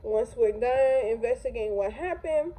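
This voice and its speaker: Give me a woman playing a patient male police officer, calm and advising, with a high soft tone. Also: moderate pace, rough recording.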